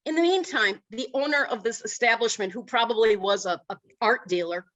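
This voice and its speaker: Middle-aged woman, high-ish voice, animated self-deprecating storyteller at a speech club. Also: a little fast, muffled recording. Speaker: Toastmasters speaker.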